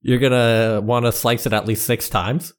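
A man as a fretful corporate bread executive, deadpan and earnest. His voice sits in a medium register and he speaks it plainly, as in improvised comedy role-play. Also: medium pitch, moderate pace, close to an everyday voice.

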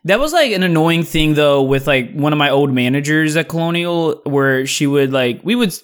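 A young man co-hosting a casual podcast, joking and mimicking people as he talks. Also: normal speed. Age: young adult. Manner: animated, jokey, mimics others in high voices. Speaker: podcast co-host. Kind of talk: casual chat.

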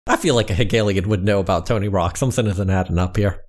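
A man's voice: sits low, fast talker. A young man in a casual comedic debate, teasing his opponent with mock indignation.

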